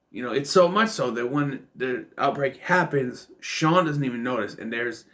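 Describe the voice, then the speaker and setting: A man's voice: mid-range voice, a bit bright. Rambling man chatting about a film. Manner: rambling, with many fillers and restarts. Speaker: film reviewer. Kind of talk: casual film commentary.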